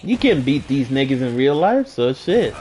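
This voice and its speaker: A man's voice: mid-range voice, very animated, moderate pace, a little mellow, low-quality recording. A man chatting casually on a game stream, laid-back and profane.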